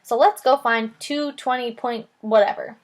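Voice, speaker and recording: A woman voicing a brisk, impatient schoolgirl. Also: on the high side, fairly even intonation, natural voice.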